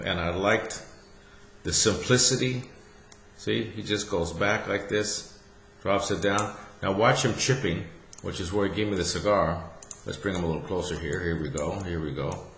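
A man's voice: low-pitched, a bit bright, a little hiss or hum. Chatty man talking golf, roomy sound. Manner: folksy and chatty, keeps asking "see?". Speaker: golf instructor. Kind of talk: casual swing-analysis commentary over video.

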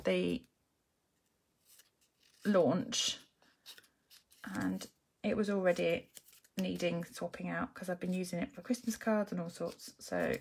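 A woman's voice: fairly low pitch, expressive, takes it slowly, long pauses, darkish tone. A woman chatting through a live-streamed craft tutorial. She thinks aloud with many ums and greets viewers by name as she works. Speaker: papercraft demonstrator. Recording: clear background noise.

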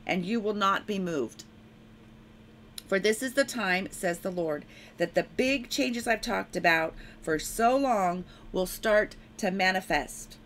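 A woman's voice: mid-range voice, a bit bright, a little hiss or hum. A woman reading a prophetic word and scripture aloud in an earnest way, stopping now and then to correct herself. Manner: slow, earnest reading with frequent self-corrections.

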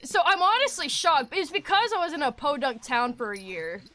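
A young woman streaming a game, talking casually in an excitable, rambling way and swearing often. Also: sits high, normal speed. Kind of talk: casual gaming commentary.

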